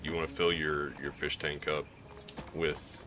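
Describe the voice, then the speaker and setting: A man's voice: very deep voice, level tone, measured pace, background noise. A man from Missouri with a slight Southern drawl, talking candidly in a rambling gaming vlog, with many restarts. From Missouri, US Midwest. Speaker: gaming YouTuber. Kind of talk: casual gaming vlog commentary.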